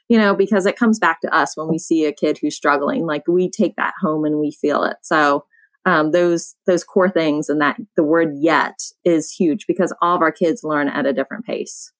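A woman who teaches elementary school, speaking calmly and softly in a panel discussion. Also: low voice, dry recording, rough recording. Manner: calm, soft-spoken.

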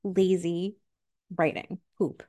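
A woman's voice: lowish voice, level tone, slow, mellow, dry recording. A woman co-hosting a book podcast, talking in a blunt, emphatic and slangy casual way. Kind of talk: casual chat.

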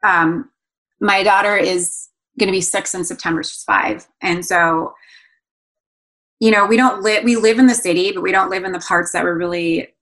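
A woman in her thirties, a guest speaking earnestly and emotionally, halting often with fillers and restarts. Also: mid-range voice, steady tone, fairly bright tone. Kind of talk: candid conversational interview.

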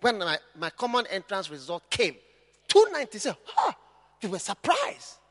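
A man preaching with a very high, bright voice that leaps up and down as he drives his points home. He is a pastor in full sermon, impassioned and often breaking into shouts, at times mimicking his listeners. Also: wildly swooping pitch, moderate pace, in a large hall.

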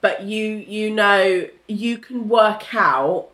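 A woman's voice: medium pitch, slow pace, a bit bright. Hesitant woman in a roomy echo. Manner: hesitant, restarts often, blunt opinions. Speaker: podcast co-host. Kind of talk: casual chat.

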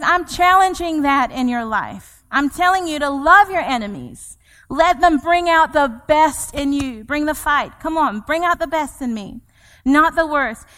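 A woman's voice: high voice, a bit bright. A woman in her thirties, a pastor preaching a sermon in a church, repeating her points with emphasis and acting out scripture quotes. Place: church sanctuary. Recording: long church hall reverb.

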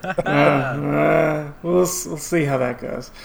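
Slow, halting man chatting. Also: a little high, fairly even intonation, creaky, over a noisy crowd. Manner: halting, many fillers and restarts. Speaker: podcast co-host. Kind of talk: casual chat.

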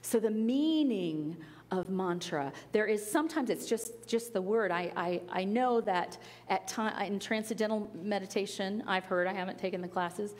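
A woman's voice: medium pitch, normal speed, darkish tone, in a large hall. A woman giving an earnest, conversational spiritual talk with playful asides. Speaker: spiritual teacher. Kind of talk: sermon-style talk.

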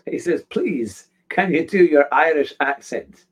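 A man's voice: fairly high pitch, expressive, unhurried, husky. Friendly man hosting a podcast. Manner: affable, frequent agreeing. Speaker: podcast host. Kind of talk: casual chat.

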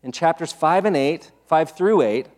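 A male pastor giving a sermon in a conversational style, with many fillers, rising in pitch when he stresses a point. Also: lively intonation, moderate pace, a little mellow. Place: church sanctuary. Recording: long hall reverb.

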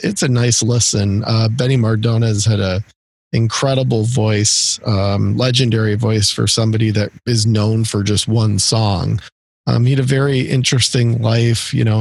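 A man's voice: lowish voice, vocal fry, darkish tone, no echo. A middle-aged man from the area co-hosting a casual music podcast, rambling with lots of fillers and restarts. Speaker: podcast co-host.

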